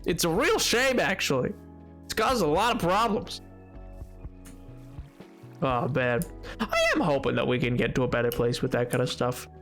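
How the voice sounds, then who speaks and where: Young male game streamer, high and bouncy, chats and jokes with viewers, faint music underneath. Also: normal speed, pauses often. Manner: joking, rambling, greets viewers with excited shouts. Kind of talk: casual livestream chat, reading chat aloud.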